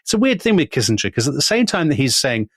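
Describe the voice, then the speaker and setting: A man co-hosting a podcast, telling history in a lively conversational way and dropping his voice to quote people. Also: fast, breathy edge, no room sound, clean studio sound. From Britain. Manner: animated, quotes figures in lowered voice. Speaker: podcast co-host.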